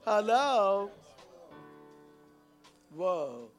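An older man in his sixties preaching a sermon, exclaiming and calling out to his congregation with sudden shouts. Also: high voice, sing-song, very slow, faint music behind. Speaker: pastor.

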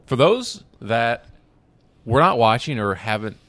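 A man co-hosting a casual talk show, chatty and quick to chime in. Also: mid-range voice, sing-song, a bit bright. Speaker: podcast co-host. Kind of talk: casual chat.

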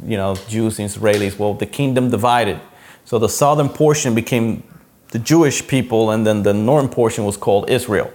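A man's voice: fairly low pitch, normal speed, a little mellow. A man preaching a sermon in a conversational teaching manner, often checking in with "okay" and "you know".

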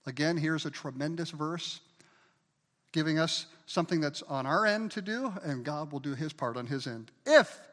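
A man's voice: on the high side, normal speed, a bit bright, in a large hall. A male pastor preaching a sermon with emphasis, asking the congregation to repeat key words after him.

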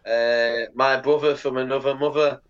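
This man's smooth, medium-pitched voice comes at normal speed over lo-fi sound. As a podcast guest, the English pro skateboarder tells casual stories with plenty of swearing, animatedly acting out the voices of the people in them.

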